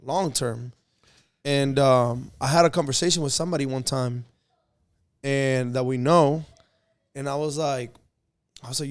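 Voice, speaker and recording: Man, podcast host, casual chat, animated storyteller, mid-pitched voice, dry close sound. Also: unhurried, pauses often, smooth, no room sound. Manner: animated storytelling, gets excited.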